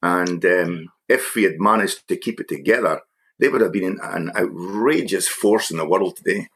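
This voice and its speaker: A man chatting as a guest, reminiscing in a halting way with many repeated words. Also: deep voice, fairly bright tone, breathy edge. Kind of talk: casual conversation.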